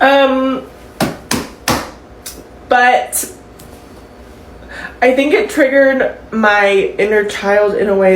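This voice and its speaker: A woman telling a dating story into her phone while tearful, rambling and halting with fillers. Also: medium pitch, roomy sound, a little hiss or hum, low-quality recording. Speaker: TikTok poster. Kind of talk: confessional vlog.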